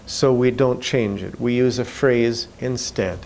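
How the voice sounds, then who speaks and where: Slow, even man explaining grammar rules. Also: medium pitch, gravelly, slight background noise. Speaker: instructor. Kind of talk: scripted narration.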